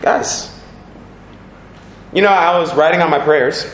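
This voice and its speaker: A man preaching a lively sermon in a church, animated, breaking into sung lines and laughter, asking the congregation questions. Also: fairly high pitch, measured pace, noisy background. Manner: animated, sings snatches, laughs, asks the crowd questions. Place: church hall. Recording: echoey church with congregation responding.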